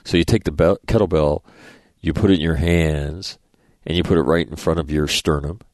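A man's voice: rumbling low, fairly even intonation, moderate pace, a little mellow, no room sound. A middle-aged man hosting a radio show, telling rambling, profane anecdotes and acting out the dialogue in a casual monologue.

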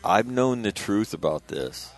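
Soft background music plays as a middle-aged guest shares casual stories about his late father, rambling with plenty of fillers and restarts. His fairly low voice has lively intonation and moves a little slowly.

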